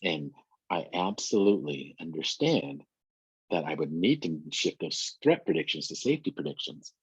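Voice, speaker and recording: A man's voice: sits low, very animated, moderate pace, husky, no echo, highs cut off. A man giving a training presentation who explains ideas through everyday examples and speaks straight to his listeners.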